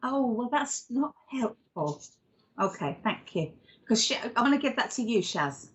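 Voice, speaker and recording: A woman's voice: fairly high pitch, big pitch swings, measured pace. Chatty woman giving psychic readings. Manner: chatty, rambling, affectionate, calls people darling. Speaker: psychic medium and regression therapist. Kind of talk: live-stream card readings and chat.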